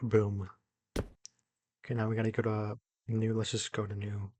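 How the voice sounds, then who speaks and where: A young man giving casual commentary as he builds in a video game, excitable, muttering to himself and then bursting into loud exclamations. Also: fairly low pitch, unhurried, slight background noise. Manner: excitable, talks to himself while building, jumps between mumbling and loud exclamations. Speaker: gaming YouTuber.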